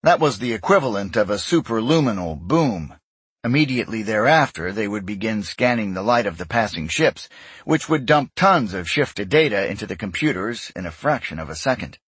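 Male audiobook narrator, husky, animated pitch, steady measured read. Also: no room sound. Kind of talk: scripted narration.

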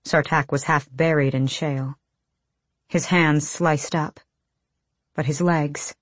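A woman's voice: low voice, steady tone, takes it slowly, no echo. A woman reading an audiobook in tense, clipped bursts of phrasing. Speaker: audiobook narrator. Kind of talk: scripted audiobook narration.

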